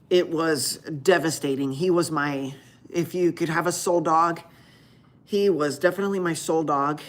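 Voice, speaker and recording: A woman doctor hosting a live Q&A stream, chatting casually with viewers and telling a rambling story full of restarts. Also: low-pitched.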